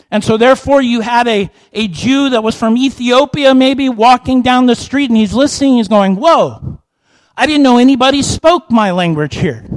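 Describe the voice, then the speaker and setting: A man with a notably high voice delivers a sermon. He moves between hushed, explanatory stretches and lifted, emphatic declarations, now and then slipping into the voices of imagined listeners. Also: no echo, low-quality recording. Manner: animated, rises and drops in pitch and volume, acts out listeners. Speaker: preacher.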